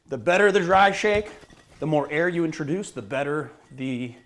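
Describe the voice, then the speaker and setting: A bartender hosts a casual cocktail-making lesson in a fairly bright, expressive voice on the high side, at normal speed. Chatty and self-deprecating, he talks while mixing and shaking drinks and sounds slightly out of breath.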